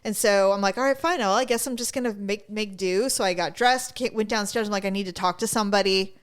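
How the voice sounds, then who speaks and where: Animated woman telling a story. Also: medium pitch, fast, clean tone. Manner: animated storytelling, acting out quoted voices. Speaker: podcast co-host. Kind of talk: casual chat.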